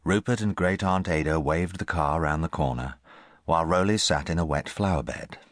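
Deep-voiced man narrating a storybook. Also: moderate pace, no echo, studio quality. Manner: expressive storytelling. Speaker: audiobook narrator. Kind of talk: scripted narration.

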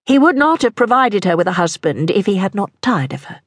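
A woman reads a historical novel aloud with measured, even pacing, neither high nor low in pitch. The studio mic sits close, and the sound is dry with no room echo. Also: breathy edge. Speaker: audiobook narrator. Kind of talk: scripted narration of a historical novel.

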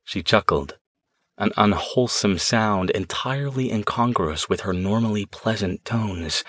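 A low-voiced man reads a supernatural thriller audiobook in a tense, measured way. The recording is dry and close, with no room sound. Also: a bit bright, no room sound. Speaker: audiobook narrator. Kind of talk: scripted narration.

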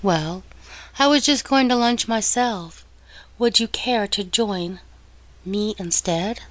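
A woman doing a courtly rich gentleman. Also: mid-range voice, slow pace, no room sound, natural voice. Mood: charming. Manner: polite, courtly. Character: charming wealthy gentleman businessman.

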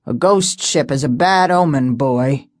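A woman voicing an old, superstitious male harbor pilot who talks gruffly and mutters. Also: on the low side, expressive, unhurried, no echo, studio quality. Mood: muttering.

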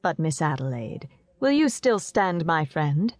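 A woman voicing a calm, courteous gentleman suitor who speaks gallantly in an audiobook. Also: low-pitched, unhurried, dry recording, exaggerated voice.

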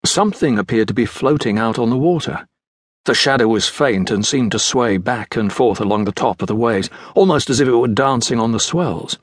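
A man narrating a children's adventure audiobook in a measured storytelling delivery. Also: medium pitch, expressive, dry recording, studio quality. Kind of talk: scripted narration.

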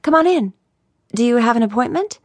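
A woman's voice: on the high side, lively intonation, brisk, no room sound, voice pushed up. A woman voicing a polite, nervous young female secretary.

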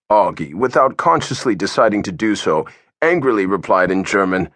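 A man reading a novel aloud as an audiobook narrator, in steady scripted narration into a close mic. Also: fairly low pitch, normal speed, dry recording. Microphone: close studio mic.

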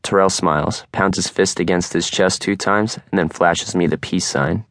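A young man narrating an audiobook in the first person, calm and steady in a close studio recording. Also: low-pitched, moderate pace, hardly any pauses, no room sound.

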